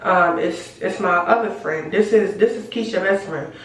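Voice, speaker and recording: A woman tells a storytime straight to camera, loose and animated, full of slang and cussing. She talks from some distance away from the microphone, and the room around her rings with heavy echo. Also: mid-range voice, moderate pace. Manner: animated, slangy and profane, addresses viewers as y'all. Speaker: storytime vlogger. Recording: very echoey room, voice away from mic.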